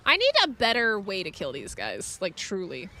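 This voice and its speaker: A woman streaming a video game live, commenting as she plays, excitable and quick to exclaim and laugh. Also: mid-range voice, slight background noise.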